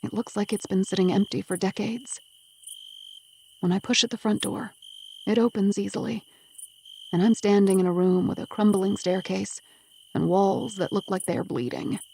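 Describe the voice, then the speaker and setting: A woman's voice: mid-range voice, fairly even intonation, normal speed, gravelly, pauses often, mellow, a little hiss or hum. A woman narrating a first-person audiobook with an intense, emotional delivery.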